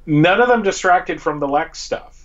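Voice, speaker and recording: An eager man co-hosting a fan chat, his sound dull and lo-fi over a call. He restarts often and doubles his words as he rushes to make a point. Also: fairly high pitch, animated. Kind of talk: casual fan chat on a live show.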